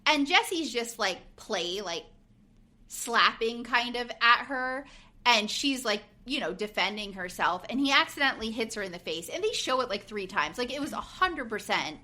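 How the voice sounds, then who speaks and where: Woman in her forties, podcast co-host; animated, bright, lots of "like", mimics people mid-story. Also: on the high side, moderate pace. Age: 40s. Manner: animated retelling, acting out quotes, frequent fillers. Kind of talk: casual reality TV recap chat.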